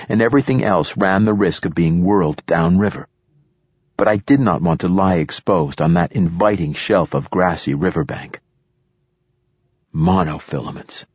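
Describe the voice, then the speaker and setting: A man narrating a first-person audiobook in a steady, tense storytelling manner. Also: deep voice, slightly rough, no room sound, studio quality.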